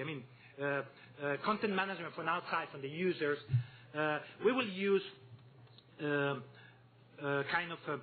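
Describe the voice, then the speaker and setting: A man with a Spanish accent giving a conference presentation, hesitant and repeating words, with joking asides. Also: a little high. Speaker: conference speaker. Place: meeting room. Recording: tinny phone-like audio with faint hum.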